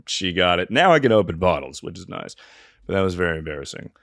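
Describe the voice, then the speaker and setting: A man's voice: low voice, expressive, a little fast, vocal fry, fairly bright tone, dry recording, studio quality. A man hosting a comedy podcast, telling rambling self-mocking stories and swearing often. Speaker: podcast host. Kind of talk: casual comedic storytelling.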